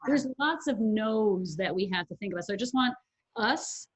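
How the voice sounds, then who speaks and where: A woman's voice: medium pitch, animated, normal speed, breathy edge. A woman hosting a casual talk show, guiding the talk and offering a closing thought. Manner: leads the talk, wraps up. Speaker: host. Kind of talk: casual chat.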